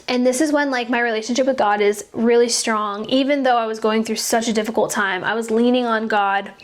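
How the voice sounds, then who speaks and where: Earnest young woman, higher voice. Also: fairly even intonation, fairly quick. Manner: chatty, filler-heavy, frequent 'like'; earnest and heartfelt. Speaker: podcast host. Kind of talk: casual faith-based storytelling.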